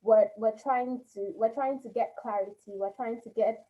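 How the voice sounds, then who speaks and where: A woman's voice: fairly high pitch, fairly even intonation, normal speed, narrow, tinny audio. A woman hosting a webinar over a video call, reflecting on and summing up her guest's points. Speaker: webinar host. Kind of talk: webinar conversation.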